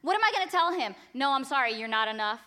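A woman's voice: sits high, big pitch swings, fast, sharp tone, full character voice. A woman voicing a weary grieving wife who emphatically refuses to argue. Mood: exasperated. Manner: emphatic, exasperated.

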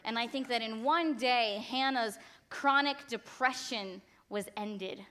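Brief: female preacher, passionate and repetitive, bright tone. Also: on the high side, slow. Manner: emphatic, repetitive, rising to passion. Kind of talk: sermon.

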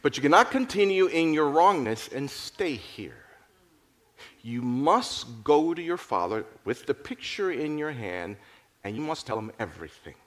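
A man voicing a wise older nanny who speaks firmly yet gently. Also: mid-range voice, sing-song, unhurried, long pauses.

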